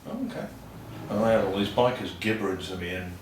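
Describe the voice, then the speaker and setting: A man tells easygoing stories in a low voice, swears freely, and acts out other people's lines. He sits well back from the mic in a very echoey room. A little background noise hangs under him. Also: fairly even intonation, fast talker, distant mic. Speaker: guest saxophonist. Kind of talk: casual anecdotal storytelling.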